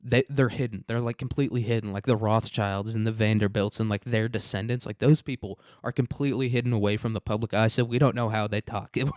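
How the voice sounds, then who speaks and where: A man's voice: on the low side, steady tone, fast, hardly any pauses, no echo, studio quality. A young man hosting a profane, rambling comedic commentary on news stories. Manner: rambling, crude, laughing. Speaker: host.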